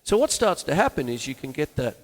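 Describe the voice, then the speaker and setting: A man's voice: a little high, sing-song, brisk. A man hosting a live drum lesson, talking through sticking patterns while he plays. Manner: rambling, explains sticking patterns aloud. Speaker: drum teacher and show host. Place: room with a drum kit. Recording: long reverb, faint music behind.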